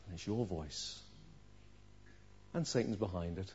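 A man preaching a sermon, pressing his listeners with rhetorical questions and moving between forceful, raised lines and quiet, low ones. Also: a little slow, slight background noise. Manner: earnest preaching with rhetorical questions, swinging from loud to hushed. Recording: dull lo-fi recording.

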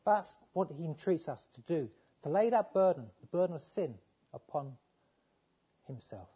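A man preaching with a high voice that is dark and husky in tone. He pleads with his listeners, swinging from fervent appeals down to quiet, low passages. The recording sounds muffled and lo-fi. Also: lively intonation, moderate pace. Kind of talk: sermon.

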